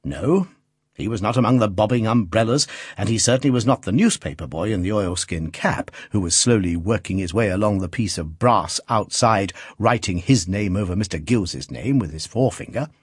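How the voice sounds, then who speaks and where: A man's voice: on the low side, moderate pace, slightly rough, dry recording, clean studio sound. A man reading a classic novel aloud as an audiobook, in a rhythmic, dramatic, building style. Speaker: audiobook narrator. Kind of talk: scripted narration.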